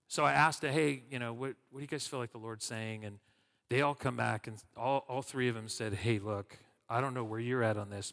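A man preaching a sermon, telling stories in a lively way and acting out what people said. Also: mid-range voice. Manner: animated storytelling with acted-out quotes. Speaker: pastor. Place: church sanctuary. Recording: long reverb of a church hall.

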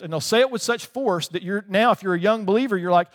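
A man with a high voice delivers a casual, conversational sermon, stopping often to check in with his listeners. The sound rings through a large hall with a long reverb tail, the way it would be picked up in a church sanctuary. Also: fast, hardly any pauses. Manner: conversational preaching with frequent "right?" asides. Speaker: pastor.

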